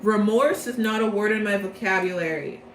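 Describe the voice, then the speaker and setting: A woman's voice: mid-range voice, moderate pace, recorded from a distance, slight background noise, natural voice. A woman playing a lazy, arrogant lion-beast prince who brushes people off in curt, dismissive lines. The voice sounds a bit roomy.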